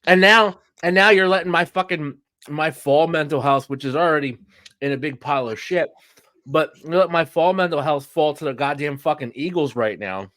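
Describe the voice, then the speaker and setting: A man's voice: a little high, moderate pace, fairly bright tone, no echo. A man, co-hosting a podcast and ranting heatedly about sports with plenty of profanity. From Philadelphia. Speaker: podcast co-host. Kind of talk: casual sports chat.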